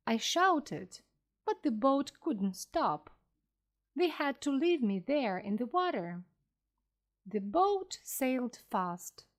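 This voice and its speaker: A woman narrating a story slowly and clearly for language learners, reading with careful pronunciation. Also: fairly high pitch.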